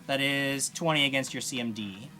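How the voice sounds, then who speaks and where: A man running a tabletop game as game master, calling rolls and rules quickly. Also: mid-range voice, heavy background noise. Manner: quick, rules-focused calls.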